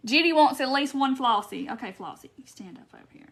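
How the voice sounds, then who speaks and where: A woman's voice: high voice, animated, fairly quick, few pauses. A woman hosting a live craft tutorial, chatty and laughing often as she reads viewer comments by name. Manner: giggly, keeps breaking into laughter. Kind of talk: casual live-stream chat.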